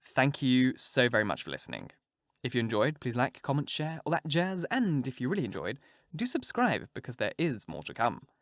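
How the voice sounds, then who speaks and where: A man's voice: medium pitch, wildly swooping pitch, moderate pace, fairly bright tone, dry recording. A male audiobook narrator reading a first-person story in a folksy way, close to the mic.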